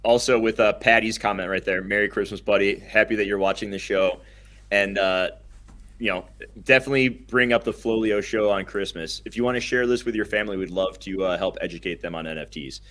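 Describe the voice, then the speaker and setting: A young man co-hosting a casual podcast, chatting enthusiastically and rambling a little, quick to laugh. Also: fairly low pitch, a bit bright. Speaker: podcast co-host.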